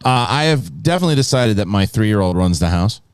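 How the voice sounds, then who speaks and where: Lively male live-show host. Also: lowish voice, fairly quick, clean tone, no echo. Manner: animated storyteller, laughs often, acts out his kids. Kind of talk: casual live show chat.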